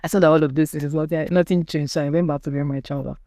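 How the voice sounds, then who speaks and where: A woman's voice: deep voice, fairly even intonation, fast talker, warm tone, no echo. A young adult woman with a Nigerian accent, a podcast guest giving earnest personal testimony and acting out the people she quotes.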